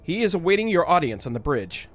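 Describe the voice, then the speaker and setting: A dutiful male ship's vox officer delivering an ornate, formal report to his captain, read by a man close to his own voice. The phrasing is stiff and ceremonious. The pitch sits a touch above a plain middle. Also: big pitch swings, fast.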